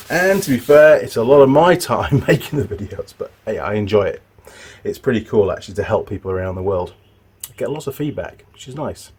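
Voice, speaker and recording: A man's voice: mid-range voice, darkish tone, slightly rough. A middle-aged man hosting a motorbike repair tutorial, chatting in a loose, rambling way with restarts and asides. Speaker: motorbike mechanic and channel host. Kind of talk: casual workshop tutorial.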